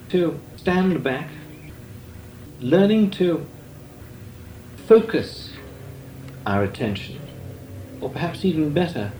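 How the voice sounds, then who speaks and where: An older man, a Benedictine monk, giving a measured, deliberate talk on meditation with long pauses. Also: a little high, warm tone. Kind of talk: slow meditative spiritual talk. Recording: echoey room with faint noise.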